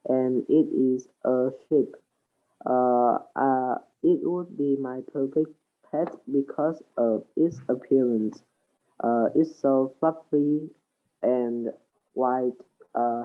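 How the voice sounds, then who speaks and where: A man answering a speaking test question for his English class, hesitant and full of pauses. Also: medium pitch, narrow, tinny audio. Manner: hesitant, many pauses and uh fillers. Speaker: student.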